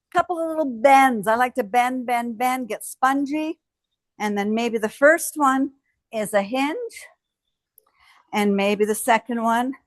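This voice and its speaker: Cueing each move and cheering the viewer on, a woman coaches a home strength workout in an encouraging way. Her voice is slightly high, and there's no echo.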